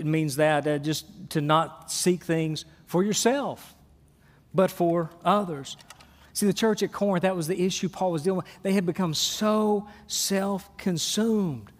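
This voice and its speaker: A middle-aged pastor preaches with animation, acting out little everyday scenes. His voice sits high for a man and swings between soft asides and raised points. A long church-hall reverb trails each phrase. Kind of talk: sermon.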